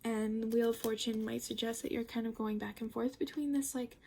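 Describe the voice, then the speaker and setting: A woman's voice: fairly high pitch, fairly even intonation, fairly quick, creaky, darkish tone, a little hiss or hum. Rambling young woman tarot reader. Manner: chatty, rambling, full of fillers and swearing. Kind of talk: casual tarot reading.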